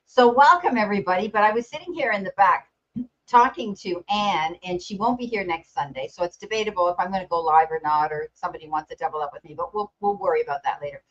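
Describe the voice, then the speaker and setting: A woman's voice: lowish voice, fast, dull audio. A woman hosting a tarot livestream, joking and chatting casually with viewers. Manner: jokey, addresses viewers as guys. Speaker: tarot reader and livestream host.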